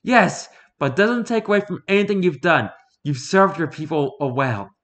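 A man's voice: on the high side, lively intonation, normal speed, fairly bright tone, voice pushed up. A man voicing a tough female agent who speaks with urgent, pleading insistence. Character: fierce female agent, woman in middle age.

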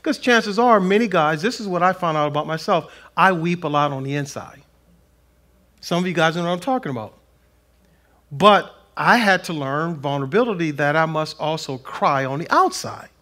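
A man preaching a conversational sermon in a plain-spoken, folksy way, swinging between loud emphasis and soft asides. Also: on the high side, lively intonation, normal speed. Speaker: pastor. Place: church sanctuary.

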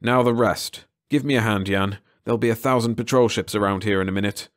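A man voicing a grim, driven male rebel leader with a low, terse delivery. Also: brisk, close to an everyday voice.

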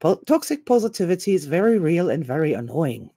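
Mellow, dry-voiced woman making wry commentary. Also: lowish voice, very animated, breathy edge, dry recording. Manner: wry, sarcastic asides; deliberate, with pauses and hesitations. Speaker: self-help author and video host. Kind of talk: solo commentary reading web pages aloud.

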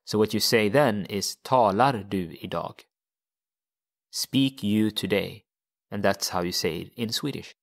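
A man's voice: fairly low pitch, normal speed, few pauses. A man teaching a language lesson step by step, patiently repeating phrases for learners.

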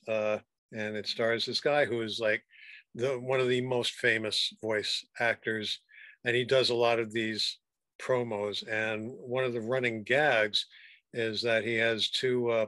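A man's voice: mid-range voice, little pitch movement, measured pace, bright, forceful tone, dry recording. A man hosting an interview, chatting casually and recounting a comedy show with loose restarts. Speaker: podcast host, interviewer.

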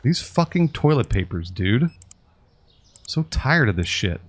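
A man's voice: medium pitch, very animated, measured pace, breathy edge. A man casually commenting on a live-stream of a store game, grumbling sarcastically, swearing often and talking to his chat and to the customers. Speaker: streamer playing a store sim.

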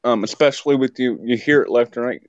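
A man's voice: medium pitch, fast talker. A young man from West Virginia, a podcast guest, chatting casually with joking, rambling asides. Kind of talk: casual chat. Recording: dull lo-fi dry sound.

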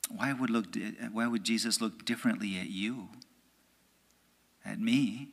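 An American man, a priest, preaches a homily in a church. His voice sits low and carries a gravelly fry. He talks in an easy, conversational way, checks in with "right?", and sometimes drops almost to a whisper. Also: a little slow. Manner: conversational, often asks "right?"; drops to a hushed, near-whispered voice. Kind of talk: homily at a prayer meeting.

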